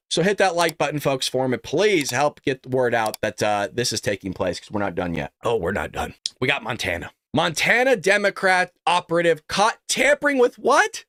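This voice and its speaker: A man's voice: a little high, sing-song, normal speed, fairly bright tone, no echo, studio quality. A man hosting a political podcast, reading news aloud with sarcastic, profane asides and mocking put-on voices. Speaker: podcast host.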